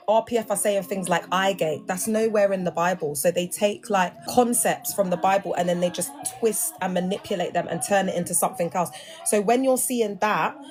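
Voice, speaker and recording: A young woman speaking straight to her viewers in an emotional, casual monologue. Her talk is emphatic and slangy, scattered with "like" and "you know", at an ordinary middle pitch for a woman. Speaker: vlogger.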